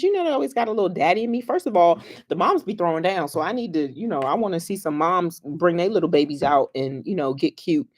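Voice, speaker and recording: Fast and fairly low-pitched, with hardly any pauses, this young woman is a school counselor chatting casually with families on a livestream. She tells playful, animated stories, laughing often and using slang.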